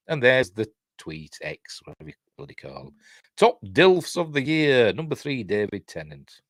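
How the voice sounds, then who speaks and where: Chatty older Yorkshire man, lively pitch. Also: normal speed, dry recording, clean studio sound. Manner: chatty, rambling asides and self-mocking laughs. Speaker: host reading entertainment news. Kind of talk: casual live-stream news reading.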